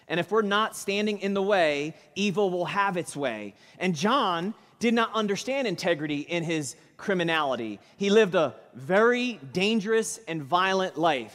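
A male pastor preaching in church, spinning a dramatic story with emphatic punches. His voice runs high for a man, and a long reverb from the hall trails each phrase. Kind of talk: sermon.

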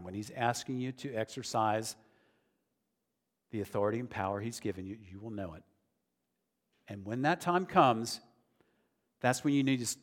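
A man preaching a sermon in an earnest, conversational way that builds to emphatic declarations. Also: medium pitch. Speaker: pastor. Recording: long reverb of a large hall.

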